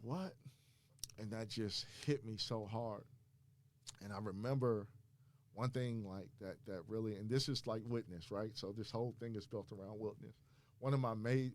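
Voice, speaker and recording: A man from Maryland, a podcast guest, telling his personal faith testimony in an animated way, often restarting and repeating words. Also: lowish voice. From Maryland, USA.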